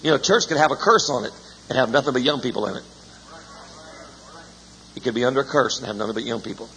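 An older man delivers a sermon in a church with a folksy, joking storyteller's cadence. His voice has a gravelly edge and sits in a middle pitch. The recording carries a long church-hall echo and a faint hiss. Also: quick pace, a bit bright. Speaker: preacher. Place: church sanctuary.

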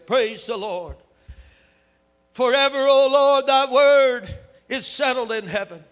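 A man preaching a sermon with fervor, his voice building up to shouts. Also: very high-pitched, slow pace. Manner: fervent, rising to shouts. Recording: echoey hall with long reverb.

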